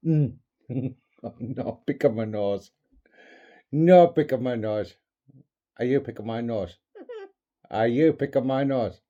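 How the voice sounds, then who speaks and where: A man's voice: medium pitch, slow pace, pauses often, dark tone, lo-fi sound. A man chatting to his dog and parrot in doting baby talk with kissing noises. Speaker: pet owner filming his dog and parrot. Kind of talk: casual chat with pets.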